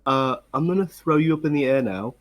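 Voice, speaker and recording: A man voicing a big gentle male brute who loves birds, talking softly and earnestly. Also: medium pitch, lively intonation, fairly quick, pitched above the performer's own voice, lightly acted. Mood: tender. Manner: soft, earnest, sweet.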